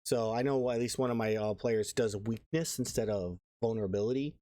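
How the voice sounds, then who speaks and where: A man's voice: lowish voice, a little fast, dark tone, dry recording, studio quality. A man from California co-hosting a casual podcast, blunt and swearing freely. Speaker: podcast co-host. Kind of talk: casual chat.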